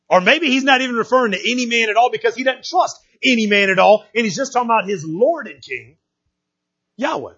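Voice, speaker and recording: A man preaching a sermon in a folksy, animated way, often checking in with the congregation. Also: high-pitched, a little fast, slightly rough, lo-fi sound. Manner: folksy, animated preaching with frequent "right?" asides. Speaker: pastor.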